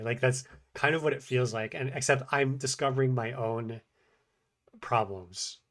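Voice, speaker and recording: A male language-learning vlogger records a casual, self-critical video diary about his practice, mumbling and alternating between fast speech and slow, paused phrases. He haltingly repeats short practice phrases in a mid-range, slightly bright voice.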